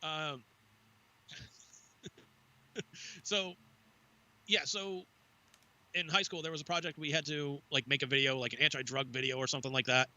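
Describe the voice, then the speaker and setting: This man's voice sits a little high, moving at a moderate pace with long pauses. A podcast co-host, he animatedly tells a casual story full of swearing, acting out what each person said.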